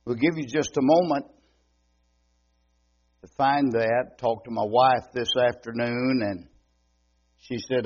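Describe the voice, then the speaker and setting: An older man with an East Texas drawl preaches in a homey, joking way, taking his words very slowly. His voice sits in an ordinary middle pitch. The church recording sounds dull and lo-fi. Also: steady tone, darkish tone. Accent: East Texas Southern. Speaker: visiting preacher. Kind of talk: folksy sermon. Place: church sanctuary.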